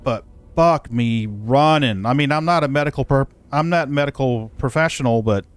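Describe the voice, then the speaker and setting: A man's voice: medium pitch, moderate pace, clean tone, faint music behind. A man livestreaming casual chat while hauling cargo, telling a story in an exasperated, profane way. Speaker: live streamer. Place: in a moving vehicle.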